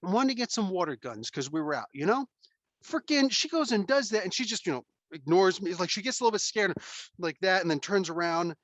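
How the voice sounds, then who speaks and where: A man hosting a casual podcast chat, telling stories in an animated, emphatic way and swearing freely. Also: sits high, a little fast, no room sound. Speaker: podcast host.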